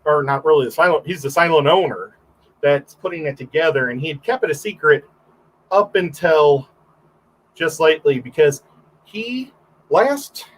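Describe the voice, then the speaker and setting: A man's voice: on the high side, expressive, moderate pace, low-quality recording. A man, a photographer, guesting on a livestream and telling rambling stories in casual chat, full of fillers and restarts.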